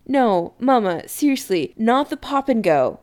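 A woman voicing a flustered young man who pleads with his meddling mother, in an exasperated, animated way. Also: a little high, a little slow.

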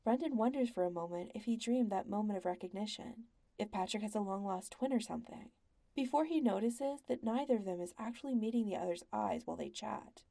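A woman narrating a story in an even, measured audiobook style. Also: medium pitch, creaky.

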